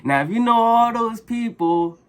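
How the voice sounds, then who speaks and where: A man vlogger telling a casual story in an animated, exasperated, slangy way. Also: very high voice, unhurried.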